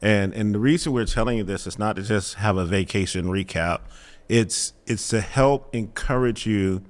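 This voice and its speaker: A man's voice: lowish voice, moderate pace. A man co-hosting a casual marriage podcast, upbeat and folksy, often repeating his words. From South Florida. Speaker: podcast co-host, pastor.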